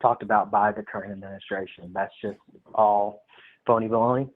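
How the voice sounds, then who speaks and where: A man calling in to a political debate, hesitant and halting, often restarting his sentences. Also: lowish voice, fairly even intonation. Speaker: guest in political conversation. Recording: tinny phone line.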